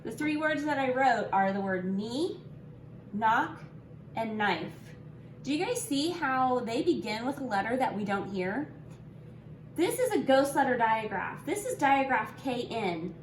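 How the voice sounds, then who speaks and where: A woman teaching young children a phonics lesson, speaking slowly and clearly, spelling out letters and encouraging them. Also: on the high side, sing-song, slight background noise. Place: home room with an easel. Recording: echoey room.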